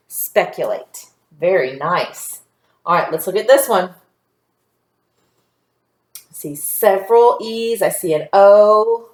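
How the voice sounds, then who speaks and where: A woman teaching a phonics lesson to young children, patient and sounding out word parts slowly. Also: fairly low pitch. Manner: slow, patient, stretching out sounds. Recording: echoey room.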